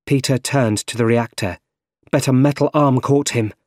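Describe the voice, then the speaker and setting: Male narrator, plain storybook read, mid-pitched, dry close sound. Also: fairly even intonation, normal speed, a little mellow, dry recording.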